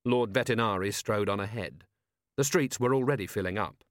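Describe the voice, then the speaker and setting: A man narrating an audiobook in a measured manner. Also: fairly low pitch, dry recording, clean studio sound.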